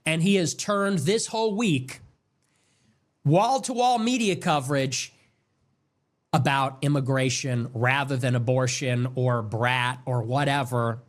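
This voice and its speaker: A man's voice: mid-range voice, unhurried. A man hosting his own show, delivering an emphatic political commentary monologue and repeating words for stress. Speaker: show host.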